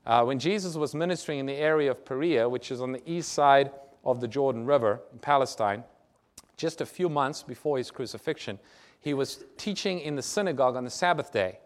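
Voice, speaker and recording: Speaking at medium pitch and slightly fast, a male preacher reads scripture to his audience and explains it. He poses rhetorical questions to them, in a church or lecture hall equipped with a screen.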